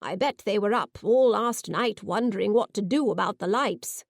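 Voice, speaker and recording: A woman's voice: mid-range voice, normal speed, vocal fry, no room sound, clean studio sound. A woman voicing Narlene, a cautious elderly villager thinking aloud, in an audiobook. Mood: musing. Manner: cautious, musing.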